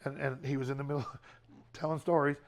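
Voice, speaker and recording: A man's voice: mid-range voice, flat delivery, a little fast. A middle-aged man speaking to a youth group in a casual, conversational way, often repeating words and using fillers.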